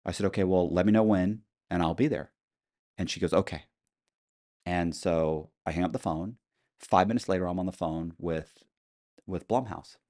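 A man's voice: sits low, moderate pace, long pauses, a little mellow. A man as an interview guest, telling personal stories in a matter-of-fact, rambling way with frequent restarts. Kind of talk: casual storytelling interview.

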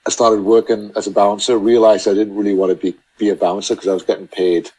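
A low-pitched man talks casually as a podcast guest. He rambles through his stories, stopping and restarting his sentences as he goes. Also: flat delivery, mellow, slightly rough, rough recording. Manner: rambling, halting anecdotes full of restarts. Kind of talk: casual storytelling chat.

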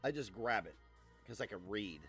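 A man in his forties streaming live, ranting in a crude, mocking, loud way. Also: lowish voice, expressive, normal speed, faint music behind. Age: 40s.

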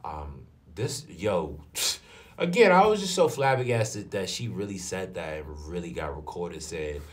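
A man from New York giving an indignant, animated commentary rant. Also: deep voice, a little slow. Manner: indignant, rhetorical questions, animated. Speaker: commentary vlogger. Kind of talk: ranting commentary. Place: in front of a green screen.

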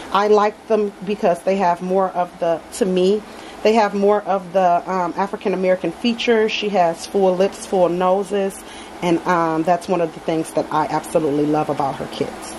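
A woman's voice: on the low side, darkish tone, a little hiss or hum, rough recording. A woman chatting casually to her viewers in a home nursery as she unboxes a doll, gushing and affectionate and often calling them y'all. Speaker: reborn doll collector vlogger.

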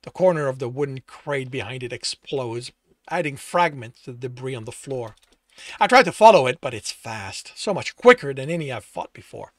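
A man's voice: medium pitch, expressive, normal speed, fairly bright tone, dry recording. A man reading his own novel aloud in first person, stopping to correct and reread his slips. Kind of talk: first-person audiobook narration.

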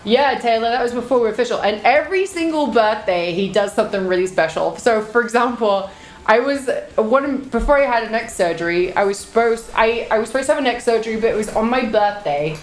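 Woman streamer in her 30s, chatty and foul-mouthed, slightly high voice, echoey room. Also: a little fast. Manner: chatty, swears freely, trails into restarts. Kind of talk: casual storytelling to chat.

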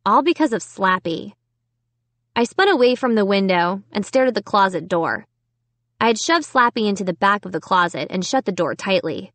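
A woman's voice: medium pitch, expressive, normal speed, fairly bright tone, dry recording. A woman narrating a scary children's book in first person, with dramatic, tense storytelling. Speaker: audiobook narrator. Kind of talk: expressive audiobook reading.

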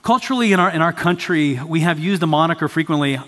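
A man's voice: fairly high pitch, fast talker, fairly bright tone, in a large hall. A man preaching a sermon as pastor, emphatic and repeating his key phrases. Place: church sanctuary.

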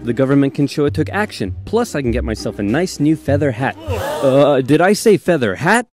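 A man's voice: medium pitch, sing-song, moderate pace, a little mellow, faint music behind, natural voice. A man voicing a scheming, greedy defense minister who keeps blurting out slips and then covering them. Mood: sly.

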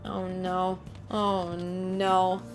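A young woman streaming a video game live, excitable and chatty, gasping and reacting loudly as she plays. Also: on the low side, drawn-out words, faint music behind. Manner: excitable, gasps and shrieks, reads game lines aloud. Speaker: let's play streamer.

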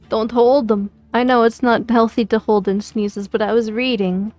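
A woman's voice: on the high side, darkish tone. Playful, giggly woman streamer. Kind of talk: casual game-stream chat.

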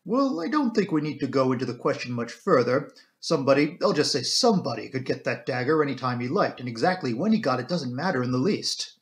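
A man voicing a brisk, self-assured male police inspector in an audiobook, matter-of-fact and blunt. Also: mid-range voice, animated, lightly acted. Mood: confident.

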